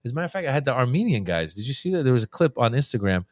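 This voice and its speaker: A man's voice: medium pitch, racing, no echo, studio quality. A man guest on a podcast, a comedian telling stories in casual chat and acting out his exchanges with audiences. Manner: animated storyteller, acts out crowd-work exchanges.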